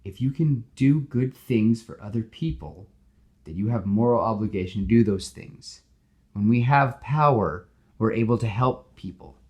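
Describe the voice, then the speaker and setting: A man's voice: lowish voice, moderate pace, a little mellow, natural voice. A man voicing a cheerful, friendly young male superhero who chats and reassures. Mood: reassuring. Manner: upbeat, reassuring, talkative. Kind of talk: acting out a pitch on a podcast.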